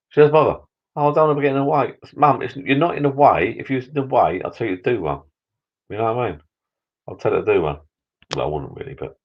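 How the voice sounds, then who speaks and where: Deep voice, middle-aged man, rambling, repeats words, muffled stream audio. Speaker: live stream host. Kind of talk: casual live stream chat. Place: backyard garden bar shed.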